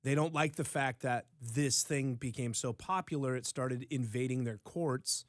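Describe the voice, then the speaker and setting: A man's voice: mid-range voice, measured pace, no room sound, clean studio sound. An older man co-hosting a talk show, explaining things matter-of-factly and often restarting his sentences. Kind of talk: casual chat.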